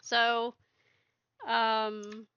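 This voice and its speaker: A woman narrates her game story in a casual, rambling way, full of fillers. Her voice is bright and dry, and the recording sounds dull and lo-fi. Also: on the high side, monotone, drawn-out words, clean tone, no room sound. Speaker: video creator.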